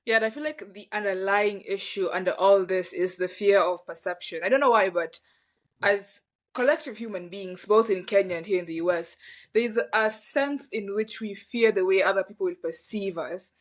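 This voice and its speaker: A woman hosts a relaxed conversation in a reflective way, sharing her thoughts before asking her guest a thoughtful question. Her voice sits at an ordinary middle pitch. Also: moderate pace. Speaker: host. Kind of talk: casual conversation.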